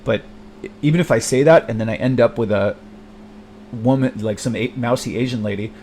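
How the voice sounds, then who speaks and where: A man's voice: medium pitch, darkish tone, a little hiss or hum. Rambling, bitter man, self-deprecating. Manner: rambling, halting, self-deprecating, many restarts and fillers; bitter, frequent swearing. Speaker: vlogger. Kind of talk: confessional monologue.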